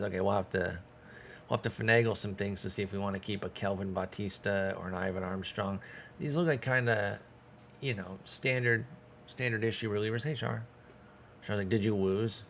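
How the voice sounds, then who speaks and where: A man's voice: fairly low pitch, creaky, a bit bright, slight background noise. A man streaming a baseball management game, giving casual commentary in a frustrated, sarcastic way and swearing often.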